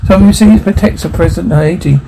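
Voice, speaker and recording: Gravelly man reading dialogue over noise. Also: sits high, rapid-fire.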